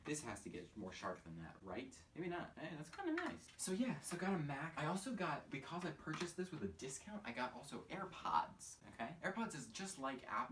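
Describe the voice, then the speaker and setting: A man's voice: on the low side, a bit bright. A young man in a rambling, sarcastic comedy monologue, mocking himself as he talks in his own room. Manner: sarcastic, self-mocking, fast and scattered. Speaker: comedic vlogger. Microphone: phone camera. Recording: voice a bit far from a phone mic, with faint noise.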